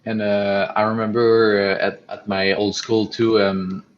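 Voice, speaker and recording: Halting young man on a lo-fi mic. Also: lowish voice, level tone. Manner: halting, many fillers, blunt. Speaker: podcast co-host. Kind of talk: casual chat. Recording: dull lo-fi home recording.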